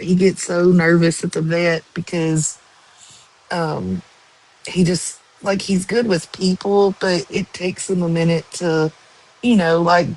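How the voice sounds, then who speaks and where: Slow-talking woman chatting to viewers. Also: lowish voice, a little mellow, low-quality recording. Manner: slow, rambling, with many ums and likes. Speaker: live stream host. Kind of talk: casual chat with live viewers.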